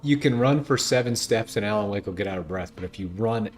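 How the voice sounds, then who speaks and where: A man's voice: lowish voice, fast. A male game streamer giving chatty, playful commentary while he plays. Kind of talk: casual gameplay commentary.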